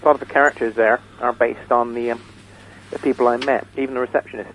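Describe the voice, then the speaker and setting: A man's voice: medium pitch, little pitch movement, fast, fairly bright tone. A man being interviewed as the writer of a comedy, hesitant, with many ums and chuckles. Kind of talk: radio interview. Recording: tinny phone line.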